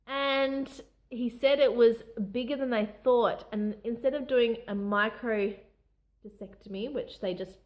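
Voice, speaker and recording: Candid young woman telling a personal story. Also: a little high. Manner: candid, emotional, restarts sentences often. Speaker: vlogger.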